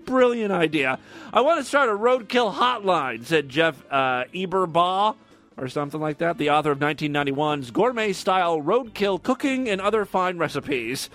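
A man's voice: on the high side, lively intonation, normal speed, fairly bright tone, faint music behind. A man hosting a comedy podcast, reading odd news stories aloud with sarcastic, mocking asides. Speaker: podcast host.

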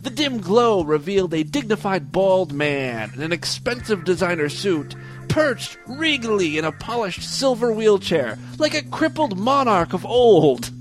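Irreverent man reading aloud, slightly high. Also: very animated, unhurried, music in the background. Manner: irreverent, laughs at own material. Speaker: podcast host. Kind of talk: comedic reading of tweets and an erotic story.

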